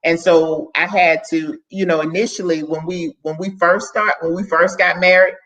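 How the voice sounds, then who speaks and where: A woman's voice: fairly low pitch, fairly even intonation, normal speed, fairly bright tone. A woman who is a guest on a podcast, talking candidly and earnestly and often starting over in mid-sentence as she chats casually. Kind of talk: casual conversation. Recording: dull lo-fi sound.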